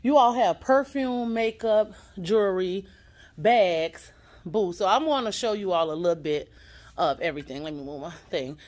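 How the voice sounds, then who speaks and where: A vlogger with a medium-pitched, darkish voice speaks animatedly at a moderate pace while touring an indoor boutique on a handheld camera. She keeps her casual shopping vlog chatty and upbeat, talking right to her viewers.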